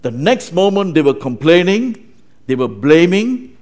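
A man's voice: on the high side, very animated, unhurried, darkish tone. Conversational male preacher. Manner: conversational, with frequent tag questions. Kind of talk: sermon.

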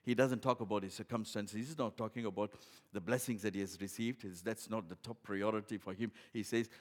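A man preaching a sermon as a pastor. He swings from loud emphatic bursts to quiet low asides, often restarting with "in other words". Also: steady tone, a little fast.

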